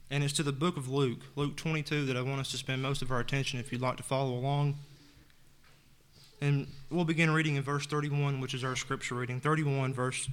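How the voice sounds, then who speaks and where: Male preacher, mid-pitched, earnest sermon delivery, scripture reading. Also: a bit bright. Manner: earnest, reads scripture aloud and retells it in plain words.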